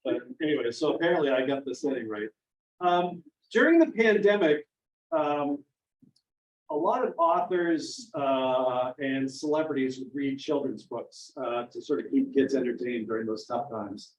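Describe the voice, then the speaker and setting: A middle-aged man from Maine, a children's author, tells stories to kids and families in a library event room, animatedly acting out the voices of the people he quotes. His voice is medium in pitch and his pace moderate. The recording is dull and echoey, captured from far off.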